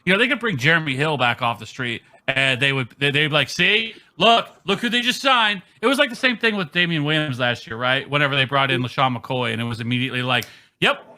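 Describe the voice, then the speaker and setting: Male podcast host, bright and emphatic, casual sports talk. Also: mid-range voice, animated. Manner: emphatic, quick, frequent ums. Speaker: fantasy football podcast host.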